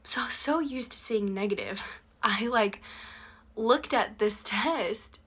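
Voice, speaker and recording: Young woman, casual storytime, bright chatty tone, laughs between lines. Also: a little high, slow, breathy edge. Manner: chatty, laughing often, many likes.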